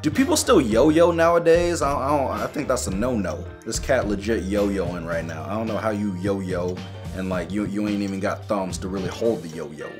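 A young man giving casual, joking commentary while playing a mobile game, reacting loudly and making sound effects. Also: on the low side, moderate pace, music in the background.

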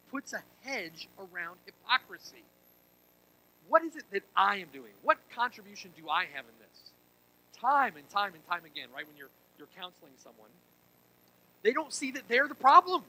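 A male pastor preaching a sermon, swinging between quiet intensity and loud emphasis and tossing in rhetorical asides to the congregation. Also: sits high, rough recording.

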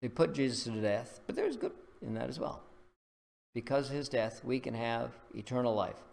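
A male pastor delivering a sermon in a gravelly voice with a touch of vocal fry. He speaks earnestly and deliberately, moving from scripture reading into storytelling and prayer. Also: mid-range voice, animated, darkish tone.

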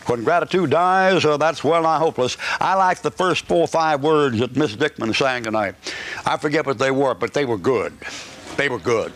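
A man's voice: medium pitch, moderate pace, fairly bright tone. A man preaching a live sermon at a church service, folksy and joking, rambling with restarts. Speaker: pastor.

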